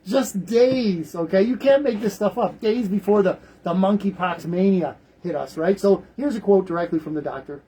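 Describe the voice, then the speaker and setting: A man's voice: high voice, normal speed, dark tone, slight background noise, poor audio. A man hosting a talk radio show, rambling through the news in casual commentary, often repeating words.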